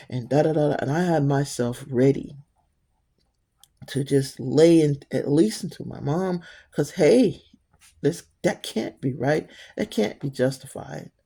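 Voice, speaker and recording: A middle-aged woman tells a personal story to her viewers. Her voice is mellow and warm, and she rambles conversationally, often breaking off to speak directly to the listener. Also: rumbling low. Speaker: storyteller vlogger.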